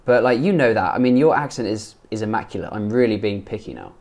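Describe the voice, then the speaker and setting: A man with an English accent coaching pronunciation in a casual, playful way, repeating words slowly to model them. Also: on the low side, expressive, darkish tone. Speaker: English accent coach reacting to learner clips. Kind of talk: casual teaching commentary.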